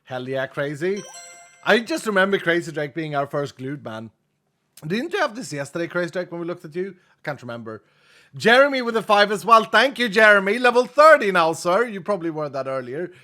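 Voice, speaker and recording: A man's voice: sing-song, fairly quick, bright, forceful tone, faint music behind. A male streamer chatting casually and thanking viewers, his voice held back and subdued because an injured rib keeps him from pushing it. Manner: low-key, chatty, thanks viewers one after another. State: subdued, unable to push his voice from a cracked rib. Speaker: streamer reading out donations. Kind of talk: casual livestream chat.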